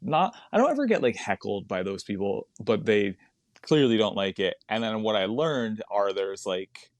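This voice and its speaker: A man's voice: lowish voice, very animated, normal speed, no echo. A man, a stand-up comedian chatting as a podcast guest, rambling into tangents and laughing often. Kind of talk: casual podcast chat.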